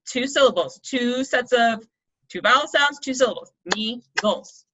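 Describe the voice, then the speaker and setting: A woman's voice: fairly high pitch, lively intonation, normal speed, a bit bright. A young woman coaching kids through an online poetry lesson, explaining step by step and checking in often. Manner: encouraging, explains step by step, checks in with "right?" and "okay?". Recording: dull lo-fi sound.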